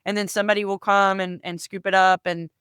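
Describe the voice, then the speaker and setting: A woman tells a personal story on her podcast. She talks earnestly, restarts her phrases and keeps calling listeners "y'all". Her voice is smooth and clear, recorded close and dry, with a middle pitch. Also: flat delivery, fairly quick, a bit bright, no room sound. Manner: earnest, repeats words, addresses listeners as y'all. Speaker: podcast host.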